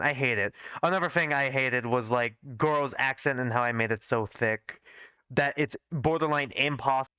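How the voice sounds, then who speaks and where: A man's voice: mid-range voice, moderate pace, pushed and bright, clean tone, dry recording, highs cut off. A young man casually reading his old fanfiction on a livestream, rambling and critiquing his own writing. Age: young adult. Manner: self-critical, rambling with fillers.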